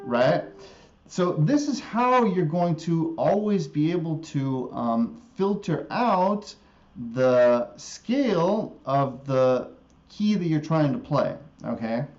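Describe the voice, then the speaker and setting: A man teaching guitar music theory in a live stream, slowly repeating a scale formula and often checking in with an "okay?". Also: fairly high pitch, big pitch swings, a little mellow, dull audio. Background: guitar playing.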